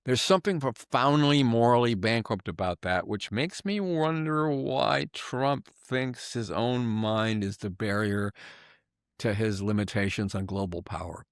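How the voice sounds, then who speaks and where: A man's voice: lowish voice, measured pace, no room sound, clean studio sound. An older man delivering an angry, sarcastic political commentary monologue, emphatic and heated.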